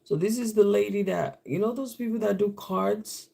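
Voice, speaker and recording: A man's voice: high-pitched, normal speed, gravelly, mellow, husky. A man hosting a live stream, telling a rambling story in casual chat.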